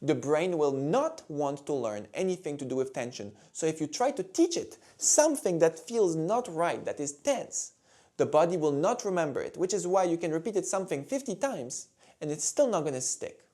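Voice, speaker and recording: A man teaching violin intonation in a calm, clear, demonstrative way. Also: fairly high pitch, moderate pace. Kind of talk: instructional video talk.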